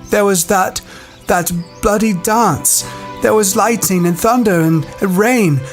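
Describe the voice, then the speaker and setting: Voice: medium pitch, slow, faint music behind. A performer voicing an anxious, plump boy in an audiobook, pleading and defensive in colloquial speech. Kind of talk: audiobook dialogue.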